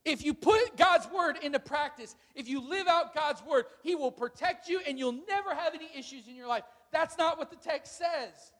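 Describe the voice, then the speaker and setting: A man's voice: very high-pitched, moderate pace, few pauses, fairly bright tone, long reverb tail. A male pastor preaching a sermon in a casual, conversational way, drawing responses from the congregation in a church sanctuary.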